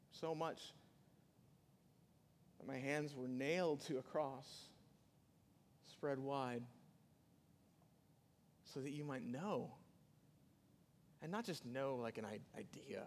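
A man preaching a sermon in a conversational way, with sudden loud rises and soft drops. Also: mid-range voice, expressive, slow, long pauses, a little hiss or hum. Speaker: pastor. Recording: long hall reverb.

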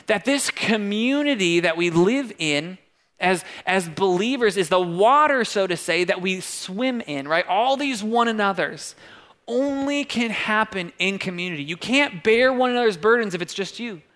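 A man preaching a sermon in a relaxed, conversational way, often checking in with "right?". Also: sits high, moderate pace. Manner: conversational, keeps asking "right?". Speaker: pastor.

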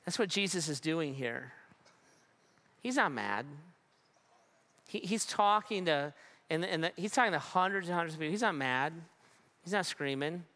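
A man's voice: on the high side, expressive, moderate pace, long pauses, pushed and bright. Guy preaching, chatty and funny, keeps restarting his sentences. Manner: conversational, with humor and frequent restarts. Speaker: pastor. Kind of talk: sermon.

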